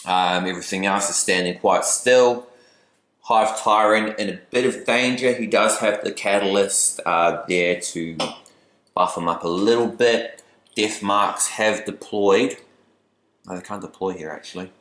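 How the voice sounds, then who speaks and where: A man's voice: fairly low pitch, measured pace, a bit bright, reverberant. A man casually commentating a tabletop wargame battle, chatty with playful asides. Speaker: battle report host.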